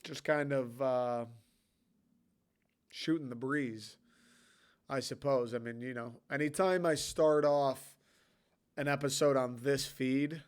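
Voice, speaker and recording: Rambling young man with a smooth voice. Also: mid-range voice, fairly even intonation, slow, pauses often. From Michigan. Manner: rambling, offhand, profane. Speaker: podcast host. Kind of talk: casual solo podcast chat.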